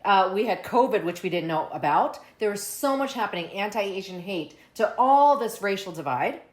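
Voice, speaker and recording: A woman family therapist, a guest in a casual interview, who tells lively stories and acts out what people say. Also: mid-range voice, moderate pace. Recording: roomy echo.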